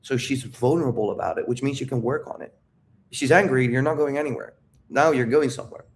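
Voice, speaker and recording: A blunt, emphatic man coaching on relationships, cursing freely and stopping to check that his listeners follow. His voice sits at an ordinary middle pitch, and he acts out little scenes to make his point. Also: quick pace. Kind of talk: coaching monologue with role-play.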